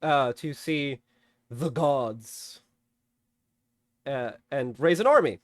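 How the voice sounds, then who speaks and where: A man casually recapping and reviewing a movie, animated, swearing freely and laughing often. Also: mid-range voice, slow, dry recording, clean studio sound. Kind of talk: casual spoken film recap.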